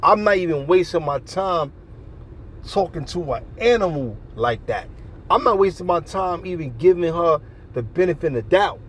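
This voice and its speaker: A man preaching bluntly and profanely outdoors on a city street, with traffic passing behind him. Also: fairly high pitch. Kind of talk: open-air street preaching.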